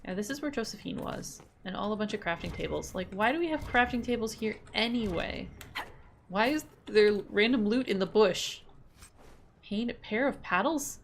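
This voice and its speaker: A young woman streamer talks through her game in a chatty, self-mocking way, swearing now and then and reading the on-screen text aloud at a middling pitch. A faint hiss of room noise sits under her voice. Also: animated, normal speed.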